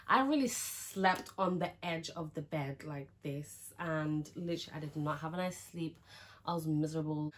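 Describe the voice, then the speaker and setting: A woman's voice: fairly low pitch, fairly even intonation, moderate pace. A young woman, chatting frankly through a casual storytime, with lots of "like" and some swearing. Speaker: vlogger.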